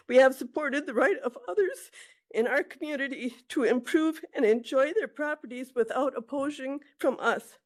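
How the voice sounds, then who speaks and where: A woman reading a prepared public comment at a county committee meeting, emotional and close to tears, stumbling and restarting as she reads. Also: high-pitched. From Wisconsin.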